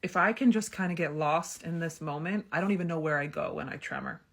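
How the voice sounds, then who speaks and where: A woman's voice: deep voice, a little fast. Chatty woman in her thirties telling a story. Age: 30s. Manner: chatty and frank, many fillers like "like" and "um". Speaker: storyteller vlogger. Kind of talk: candid storytime chat.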